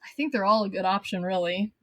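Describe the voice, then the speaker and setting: A woman chatting casually as a podcast guest, thoughtful and quick to laugh. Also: medium pitch, a bit bright, no echo. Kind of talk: casual chat.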